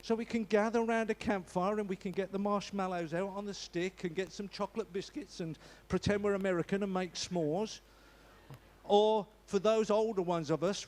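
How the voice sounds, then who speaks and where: Delivering a church announcement in a casual, joking manner, this man has a high-pitched voice with a darkish tone. He keeps stumbling and starting his sentences over.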